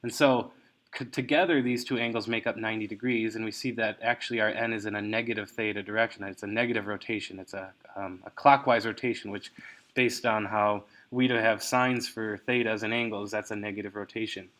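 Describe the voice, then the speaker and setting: A man's voice: on the low side, steady tone, a little fast, fairly bright tone. A man teaching engineering, talking through a worked problem step by step with frequent fillers and self-corrections. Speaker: engineering instructor. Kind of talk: recorded lecture walkthrough.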